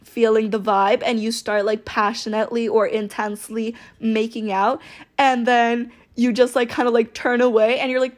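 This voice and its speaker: A woman's voice: a little high, fairly even intonation, moderate pace. A young woman telling a story to her viewers in a casual, rambling way, full of filler words and very candid. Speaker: storytime vlogger.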